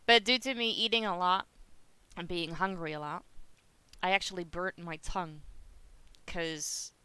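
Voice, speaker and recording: A woman's voice: fairly low pitch, fairly even intonation, a little slow, bright, forceful tone, smooth, dry recording. A young woman with a Dutch accent, chatting casually with her live-stream viewers and laughing often. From Netherlands. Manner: chatty, giggly, reads chat aloud.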